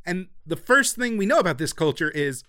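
A man's voice: high-pitched, very animated, a little fast, pushed and bright, clear, resonant tone, no echo, clean studio sound. A man co-hosting a podcast, talking casually with lots of filler words and wry asides. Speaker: podcast co-host. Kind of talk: casual film discussion.

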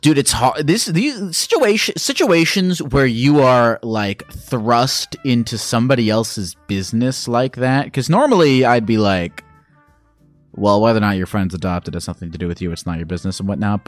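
Male call-in host, low voice, easygoing slangy delivery, dry close sound. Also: no room sound. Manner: loose, slangy and rambling. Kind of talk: casual advice chat.

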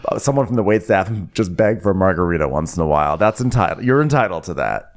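A man co-hosting a comedy recap podcast, with a lively, expressive pitch. His delivery is dry and sarcastic, and he slips into mock voices. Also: fast talker. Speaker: podcast co-host.

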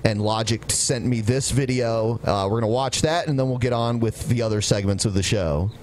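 A man's voice: medium pitch, moderate pace, a little mellow, slight background noise. A man hosting a podcast, running it in loose, teasing banter. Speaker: podcast host. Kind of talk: casual podcast chat.

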